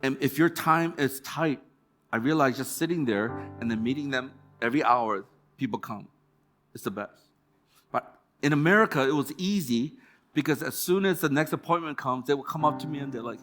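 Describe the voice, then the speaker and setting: A male pastor preaching a sermon in a church, telling stories in a relaxed, conversational way and acting out quoted remarks. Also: on the high side, fairly quick, soft background music. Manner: conversational storytelling with quoted asides. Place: church hall.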